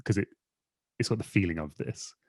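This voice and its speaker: A man's voice: sits low, a little fast, darkish tone, no room sound. A man, a guest editor in an interview, talking in a rambling, self-deprecating way with many fillers. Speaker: magazine editor, podcast guest. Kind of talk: casual conversational interview.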